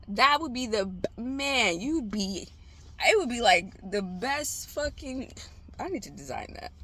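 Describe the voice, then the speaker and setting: An exhausted woman talks to camera at home in a loose, rambling vlog. Her voice is bright and forward, set at a mid pitch. She swears freely and laughs her way through her thoughts. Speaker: trading vlogger. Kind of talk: casual self-talk vlog.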